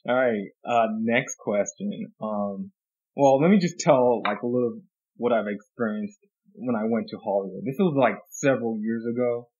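A man hosting a casual interview, relaxed, with quick backchannels and easy laughs. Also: medium pitch. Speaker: interview host. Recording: slightly dull, lo-fi sound.

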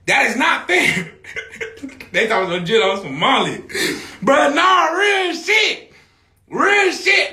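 A man hosting a livestream, talking casually to his viewers in a loud, rambling, profane way and often shouting. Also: very high voice, gravelly, echoey room.

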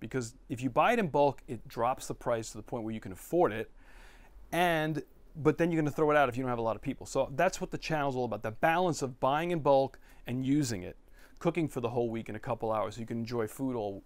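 A man's voice: mid-range voice, dry recording. A middle-aged chef talks to an audience in a bookstore, telling stories in a loose, rambling way. He restarts his sentences often and adds little asides. His voice sits in a mid range for a man. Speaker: chef giving a talk at a bookstore. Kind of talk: storytelling talk to a live audience.

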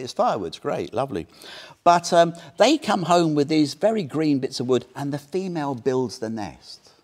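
A man in his seventies giving an anecdotal Buddhist dharma talk as a teacher, animated and often checking in with "yeah?". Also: a little high. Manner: animated storyteller, tags sentences with "yeah?".

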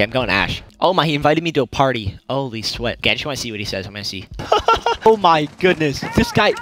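Animated young man commenting on gameplay. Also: fairly high pitch, a little hiss or hum. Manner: animated, chatty, laughs often, exclaims at plays. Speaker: gaming YouTuber.

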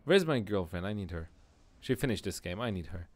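A man's voice: deep voice, big pitch swings, fairly quick, a little mellow. A man streaming a video game, giving casual commentary and muttering frustrated asides to himself.

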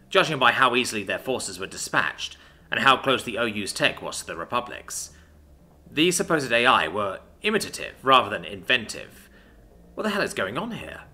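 A man's voice: mid-range voice, sharp tone. A man narrating a science fiction story in the first person, with dry, sardonic asides. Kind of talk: scripted audiobook narration.

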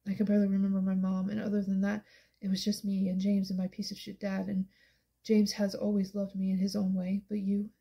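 A woman reading as a heartbroken young man, hushed. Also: mid-range voice, monotone, fairly quick, creaky, husky. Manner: hushed, strained, quiet. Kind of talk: audiobook character reading.

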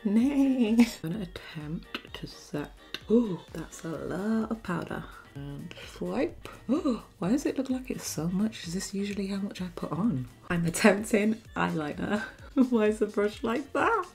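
A woman's voice: medium pitch, lively intonation, measured pace, vocal fry, a little mellow, faint music behind. A young woman chatting casually through a makeup tutorial as a beauty vlogger, giggly and chatty. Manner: giggly, chatty, often bursting into laughter.

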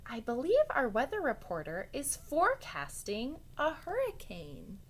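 A woman voicing a high, scheming storybook rabbit. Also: a little slow, slight background noise, full character voice. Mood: sly. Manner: high, excited exclaiming. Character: clever, scheming male rabbit trickster.

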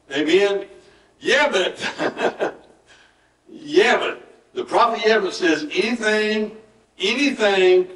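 A man's voice: high voice, fairly bright tone. Folksy Southern man preaching in church. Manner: folksy, conversational preaching with acted-out quotes. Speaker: pastor. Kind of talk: sermon. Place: church sanctuary. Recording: echoey church room, mic at a distance.

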